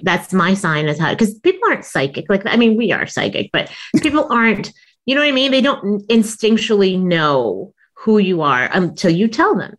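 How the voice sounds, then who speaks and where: A woman comedian and author, a guest telling a personal story in an interview, acting out quoted lines with big jumps in her voice and laughing often. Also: medium pitch.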